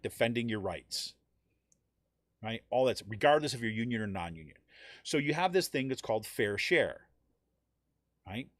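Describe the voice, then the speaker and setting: A man hosts a live online talk show, explaining a point step by step in a relaxed, conversational way. He keeps checking in with "right?" and jumps higher when he imitates what others say. His voice sits at an ordinary middle pitch, and the recording is dry with no room echo. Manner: acts out quoted voices with rising pitch. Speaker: podcast host. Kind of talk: casual live commentary.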